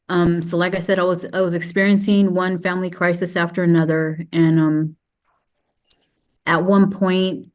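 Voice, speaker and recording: Tearful woman with a low voice. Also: a little mellow. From United States. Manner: halting, with many restarts and fillers. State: tearful, close to crying. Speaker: podcast guest. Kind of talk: emotional personal testimony.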